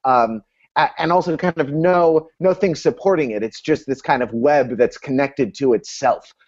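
A man's voice: mid-range voice, normal speed, muffled recording. A man hosting a casual analytical discussion over a video call, talking in an academic way with many restarts.

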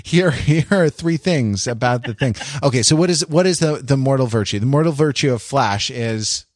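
Man, mid-pitched, dry close recording; rambling, self-amused co-host. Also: moderate pace, no echo. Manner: rambling, restarts a lot, laughs at his own jokes. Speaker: podcast co-host. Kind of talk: casual chat.

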